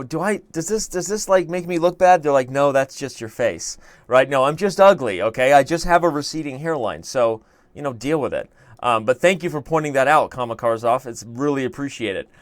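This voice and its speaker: A young man chats casually on his chess show, reasoning through a puzzle aloud and making fun of himself as he streams. His voice is mid-range, with no echo.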